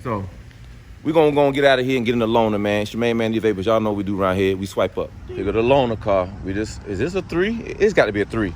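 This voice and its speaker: A man vlogging casually to his viewers at a car service shop, drawling and tacking "man" onto nearly every phrase, dropping to low mutters and rising to excited high exclaims. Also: fast, slight background noise. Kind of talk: casual vlog talk to viewers. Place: car dealership service area, then in a car.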